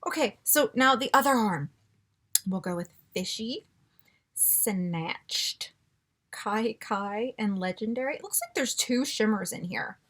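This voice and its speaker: Gushing, animated woman with a breathy voice. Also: a little high, slow. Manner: gushing and excitable, gasping often. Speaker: beauty vlogger. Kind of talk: casual unboxing chat.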